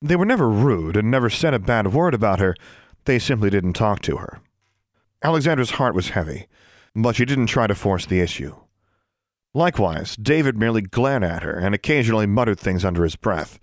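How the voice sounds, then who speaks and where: Low-voiced man narrating an audiobook. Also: animated, brisk, dry recording, clean studio sound.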